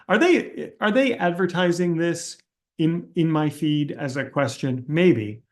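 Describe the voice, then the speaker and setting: Blunt, slightly high-voiced man answering questions. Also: unhurried. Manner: blunt, candid and skeptical, thinks aloud with restarts. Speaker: host answering audience questions. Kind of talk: casual Q&A livestream talk.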